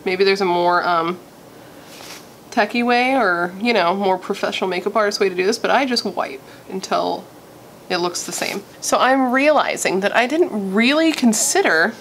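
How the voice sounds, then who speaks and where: A young woman from Missouri chatting casually and gushing as she does a makeup tutorial, thinking out loud. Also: mid-range voice, slight background noise. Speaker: beauty vlogger.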